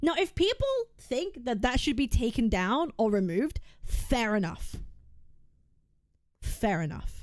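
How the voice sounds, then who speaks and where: A woman's voice: on the high side, lively intonation, unhurried, a little mellow, no echo, studio quality. A woman streamer making a heated, argumentative case on stream, emphatic and often repeating herself. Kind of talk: heated reaction rant.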